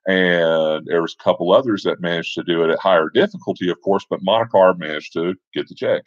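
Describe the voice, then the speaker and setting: A man with a very low voice recounts a tabletop adventure in a loose, conversational way, trailing off into asides. The sound is dry and a bit dull, with no room around him. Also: a little fast, no echo. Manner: relaxed, conversational, with fillers and asides. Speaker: storyteller. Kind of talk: casual spoken storytelling.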